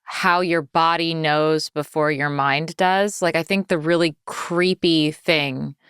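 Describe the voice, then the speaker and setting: A woman hosting a podcast interview, reflecting on her guest's story in a measured, thinking-aloud way. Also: deep voice, steady tone, a bit bright, smooth, dry recording, clean studio sound. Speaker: podcast host. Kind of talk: interview talk.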